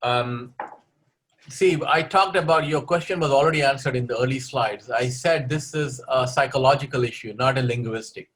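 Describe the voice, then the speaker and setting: A man with a medium-pitched, slightly bright voice answers audience questions as the speaker of an online webinar. He gives advice on learning English and keeps tacking "okay?" onto the end of his points.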